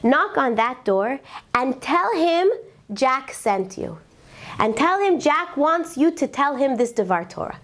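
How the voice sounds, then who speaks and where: A woman doing an emotional young man with a dog, urgent and pressing, pitched high. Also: big pitch swings, slow, fairly bright tone, exaggerated voice.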